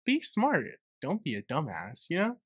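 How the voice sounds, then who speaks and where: A man's voice: on the high side, wildly swooping pitch, normal speed, breathy edge, no room sound. Joking young man, dry close mic. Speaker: podcast co-host. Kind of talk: casual chat.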